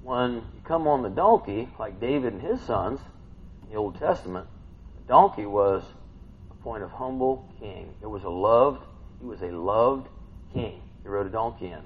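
Animated male preacher, lo-fi sound. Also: on the low side, moderate pace, a little hiss or hum. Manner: animated, swings from hushed to shouting. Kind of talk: sermon. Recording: dull lo-fi recording.

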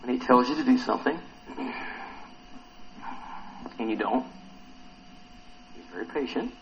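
A man's voice: mid-range voice, a little slow, muffled recording, slight background noise. A man preaching a sermon to a congregation, asking them questions and acting out the quotes he reads. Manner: animated, asks the congregation questions, acts out quotes.

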